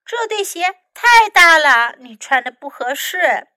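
A woman voicing a gentle older sister who plays shop assistant in a bilingual storybook reading. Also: very high voice, big pitch swings, a little slow, no echo, pitched above the performer's own voice, heavily acted. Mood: concerned. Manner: kindly, teasing.

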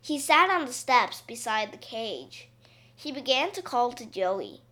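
A woman reading a children's story aloud, slowly and expressively. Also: fairly high pitch. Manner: slow, expressive read-aloud.

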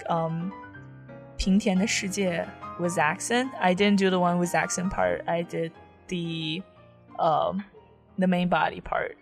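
A young woman from China, a college student, chatting casually as an interview guest in with lots of fillers. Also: on the low side. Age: young adult. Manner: chatty, many fillers and likes.

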